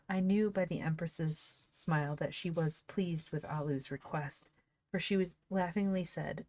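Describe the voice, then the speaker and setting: Low-voiced woman reading an old story. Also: moderate pace, a little mellow. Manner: reads plainly, breaks off to laugh and comment. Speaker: reader of an old book. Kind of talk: casual read-aloud with asides.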